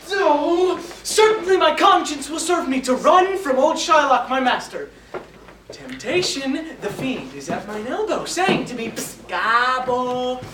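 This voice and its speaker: A woman's voice: high voice, very animated, unhurried, noisy background. A woman playing a clowning young male servant. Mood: mischievous. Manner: clowning, mischievous, shifting between mock voices. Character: young comic male servant torn between urges. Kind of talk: stage acting of classic verse drama. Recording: roomy hall from a far camera.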